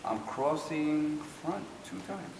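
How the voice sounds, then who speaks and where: An older man tells a story to an audience, lively and laughing, acting out the voices of the people he quotes. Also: fairly high pitch, slow pace, gravelly. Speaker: dance teacher telling a story. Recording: echoey hall from far off with noise.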